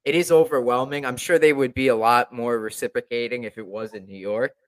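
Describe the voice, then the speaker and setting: Young guy rambling about hockey players, mid pitch, lots of likes. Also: steady tone, a little fast. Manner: rambling, many fillers and restarts. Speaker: hockey fan co-host. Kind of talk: casual chat.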